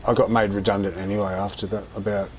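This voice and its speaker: A man's voice: lowish voice, little pitch movement, quick pace, slight background noise, low-quality recording. A man casually telling a rambling anecdote while playing a game, often correcting himself as he goes. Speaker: streamer telling stories while gaming.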